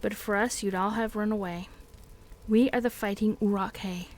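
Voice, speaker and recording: Woman voicing a male orc captain, deep growl, slow, blunt, domineering, storybook reading. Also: steady tone, a little mellow, slight background noise, lightly acted. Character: big brutal male orc captain, commanding.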